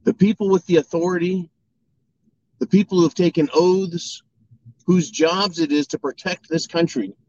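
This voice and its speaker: A man's voice: fairly high pitch, lo-fi sound. A man delivering an angry political monologue, swearing and mocking opponents in sarcastic voices. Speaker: political commentator. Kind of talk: ranting monologue.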